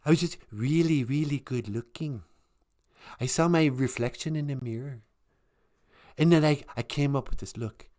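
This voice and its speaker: A man's voice: mid-range voice, moderate pace, long pauses, a little mellow, voice pushed up, lightly acted. A man doing a vain, dim male model. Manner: airy and self-admiring.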